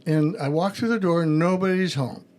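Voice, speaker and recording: A man's voice: fairly high pitch, normal speed, darkish tone. A middle-aged man, a pastor hosting a podcast, telling a story in a casual chat and acting out the phone calls in it.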